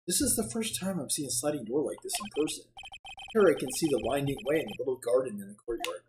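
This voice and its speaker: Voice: mid-range voice, lively intonation, quick pace, noisy background. A streamer reading game text aloud and chatting casually, often laughing at their own reading. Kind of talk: let's play commentary and dialogue reading.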